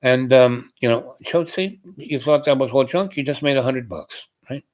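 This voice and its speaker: A man's voice: medium pitch, moderate pace. Older man reminiscing with rambling fillers. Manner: meandering, heavy on "you know" fillers. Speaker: storyteller.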